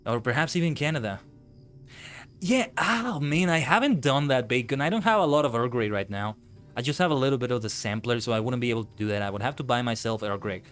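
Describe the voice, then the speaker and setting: A man chatting on a live gaming stream who breaks into animated, swearing rants. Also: medium pitch, fast, soft background music. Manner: ranting, swears freely, animated outbursts. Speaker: VTuber streamer. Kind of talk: casual live-stream chat while gaming.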